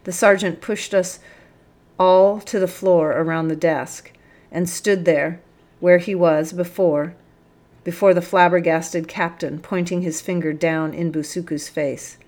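A woman reading a storybook aloud in a steady, expressive narration. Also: lowish voice, unhurried.

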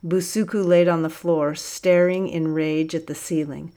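A woman narrating an audiobook in a calm, even way. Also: sits low, unhurried.

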